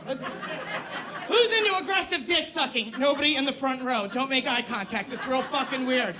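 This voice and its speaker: A woman's voice: high-pitched, animated, fairly quick, crowd noise. A woman in her thirties from New York doing a crude, self-mocking stand-up set on a comedy club stage. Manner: brash, crude, self-mocking, loud put-on voices in bits.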